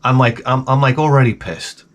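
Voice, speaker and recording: A man's voice: mid-range voice, steady tone, moderate pace. Profane Long Island man ranting. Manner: profane, sarcastic, rambling. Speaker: vlogger. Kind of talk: ranting comedic storytelling.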